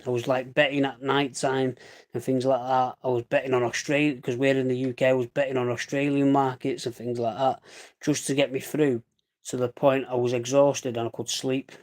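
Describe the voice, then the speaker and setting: Chatty Mancunian man, fast dialect. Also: medium pitch, little pitch movement. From Salford, England. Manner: rambling, chatty, says "mate" often. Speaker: live streamer. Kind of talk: casual live-stream chat.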